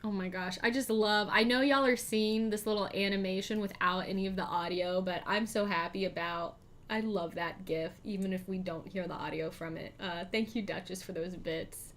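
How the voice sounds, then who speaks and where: A woman's voice: medium pitch, fairly even intonation, moderate pace, a bit bright. A woman hosting a live board game stream, chatting, thinking aloud about her moves and thanking her chat. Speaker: streamer host.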